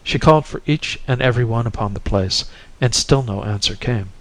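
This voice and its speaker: A man narrating a classic short story in a measured, expressive reading. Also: mid-range voice, poor audio.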